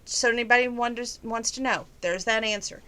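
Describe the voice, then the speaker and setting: A woman's voice: on the high side, brisk, bright, forceful tone, clear, resonant tone. A middle-aged woman giving a chatty, folksy personal update to her viewers, holding back emotion. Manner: chatty and folksy, trying not to get emotional. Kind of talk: casual chat to viewers.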